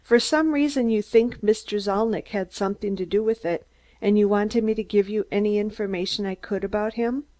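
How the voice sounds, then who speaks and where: A woman's voice: medium pitch, a little fast, mellow, dry recording, lightly acted. A proper young stenographer, read by a woman, speaks in a cool, formal and final tone. Audiobook dialogue.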